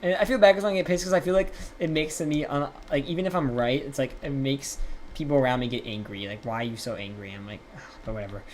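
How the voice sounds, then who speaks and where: A man's voice: on the high side, fast talker, a little mellow, slight background noise. A young man telling a rambling, profane story while streaming a game live.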